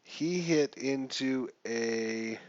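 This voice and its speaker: A man's voice: medium pitch, extremely slow, darkish tone, no room sound, highs cut off. A man giving casual gameplay commentary while playing a baseball simulation, chatty and thinking aloud as he checks the rules. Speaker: gamer playing a baseball sim.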